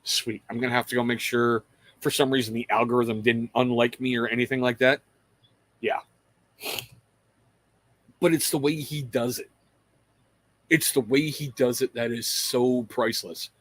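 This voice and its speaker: A man's voice: medium pitch, steady tone, moderate pace, pauses often, fairly bright tone, no room sound. A middle-aged man hosting a livestream, chatting casually and rambling to viewers, calling out their names and swearing freely. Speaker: livestream host.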